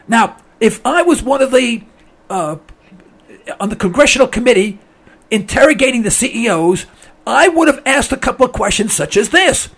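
Addressing his audience as folks, a male call-in radio host with an extremely high pitch delivers forceful, opinionated commentary, his voice cracking as he clears his throat.

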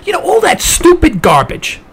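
A man hosting a talk radio show, delivering an impassioned political monologue full of restarts and sudden rises in pitch. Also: wildly swooping pitch, moderate pace, shouting. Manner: heated, rambling, with many restarts and rising outbursts.

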